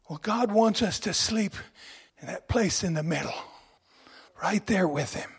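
A middle-aged man preaching a sermon, exuberant and emphatic, at times bursting into shouts. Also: sits high, lively intonation, unhurried, creaky, pauses often, husky.

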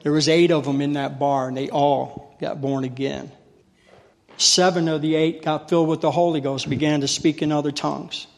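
Man, preacher, folksy storytelling sermon, fairly high voice, long reverb. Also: steady tone, moderate pace, vocal fry, a little mellow. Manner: folksy, self-deprecating storyteller.

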